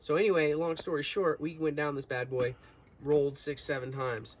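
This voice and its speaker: A man's voice: fairly high pitch, fairly even intonation, normal speed. Rambling young man telling a story. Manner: rambling, lots of fillers and restarts. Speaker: vlogger. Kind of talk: casual storytelling to camera.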